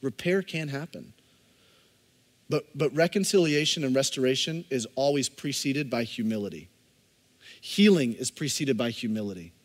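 A man's voice: medium pitch, normal speed, in a large hall. A man, a pastor, preaching a sermon with impassioned emphasis and speaking directly to his congregation.

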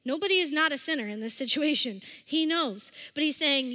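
A woman giving a casual, conversational sermon, acting out scripture scenes in lively voices. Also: high voice, brisk, few pauses. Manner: chatty, acts out quotes with animated voices. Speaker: speaker at a church service. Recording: long reverb of a hall.

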